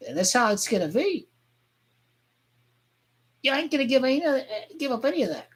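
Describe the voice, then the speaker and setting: A woman vlogger ranting crudely about football, rambling and heated, with sudden shouting outbursts. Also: high voice, very animated, normal speed, husky. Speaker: sports fan vlogger. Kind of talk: profane football rant.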